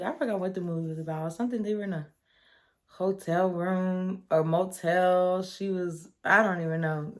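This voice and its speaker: Chatty young woman telling a story. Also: lowish voice. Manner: chatty and animated, acts out quotes, laughs often. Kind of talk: casual storytime vlog.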